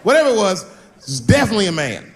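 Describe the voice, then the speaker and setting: A male comedian in the middle of a stand-up set, telling stories loudly, with a slightly higher voice than most men. His delivery is profane and animated, and he slips into characters as he goes, with faint noise in the background. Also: fast talker. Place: stage before a live audience.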